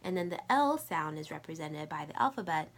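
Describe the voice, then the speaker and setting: A woman, a Mandarin teacher, leads a recorded language lesson with slow repeat-after-me drills. Her low-pitched voice is expressive, and between drills she drops into soft, whispery asides.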